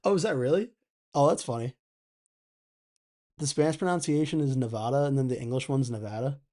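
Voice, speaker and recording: A man's voice: fairly high pitch, a little fast, mellow. A young man hosting an election night live stream, chatting casually, thinking aloud and reading out viewers' comments.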